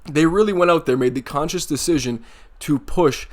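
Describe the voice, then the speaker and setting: A man's voice: on the high side, moderate pace. Sarcastic male MMA commentary ranter. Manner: sarcastic, mocking, profane. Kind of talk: casual commentary rant.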